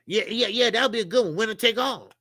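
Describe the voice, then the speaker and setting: A man's voice: sits high, fast, bright, forceful tone, dry recording. A man hosting a casual live boxing talk stream, blunt and profane, rambling and addressing viewers in the chat directly. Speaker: boxing channel host.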